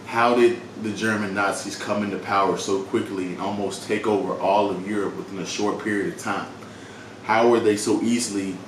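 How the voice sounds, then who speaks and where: Groggy low-voiced man vlogging. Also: a little hiss or hum. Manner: loose, chatty, full of "right?" and "you know". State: groggy morning voice. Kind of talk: casual talk to camera. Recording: echoey room from far off.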